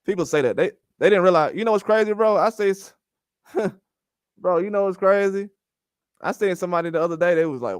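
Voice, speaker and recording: A man riffing on boxing in casual commentary, ranting and slipping into the back-and-forth of the people he quotes. His voice sits a little high and sounds smooth and resonant, recorded dry and close with no room sound. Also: a little fast, no echo. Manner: ranting, acts out quoted conversations. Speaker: boxing channel host.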